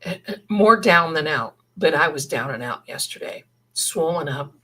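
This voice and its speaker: A woman's voice: deep voice, lively intonation, normal speed, a bit bright, poor audio. A middle-aged woman hosting a livestream, chatting in a rambling, casual way and thinking aloud. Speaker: livestream host.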